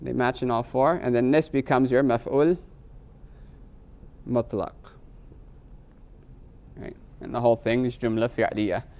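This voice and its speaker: A man's voice: mid-range voice, steady tone, a little slow, long pauses, darkish tone, clean tone. Patient man teaching Arabic grammar. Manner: explains patiently, often checks in with "right?"; moves between English and Arabic terms. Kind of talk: live class lecture.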